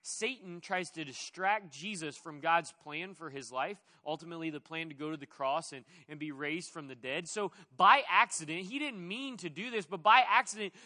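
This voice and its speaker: Male preacher, high and bright, conversational and animated with playful asides. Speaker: pastor. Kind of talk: sermon.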